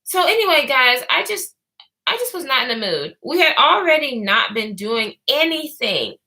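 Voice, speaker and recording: A woman's voice: high voice, very animated, moderate pace, sharp tone, low-quality recording. A woman vlogger telling a rambling story in casual talk, full of fillers and swearing.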